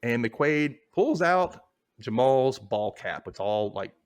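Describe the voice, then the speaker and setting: A man's voice: mid-range voice, slow. A man hosting a casual podcast, retelling scenes and acting out the characters' lines. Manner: animated retelling, acts out lines. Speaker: podcast host. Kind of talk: casual recap chat.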